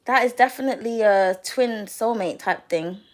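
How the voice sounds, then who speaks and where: A high-voiced young woman talks loosely to her viewers while reading their comments. She is giggly and blunt, swears freely, and breaks into loud outbursts. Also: moderate pace. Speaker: tarot reader hosting a live reading. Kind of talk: casual live chat reading comments.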